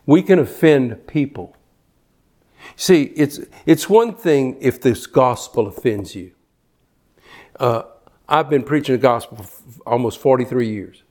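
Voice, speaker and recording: A man's voice: mid-range voice, animated, unhurried, darkish tone. An older man preaching a sermon, fervent, often repeating words as he builds to a point. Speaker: pastor.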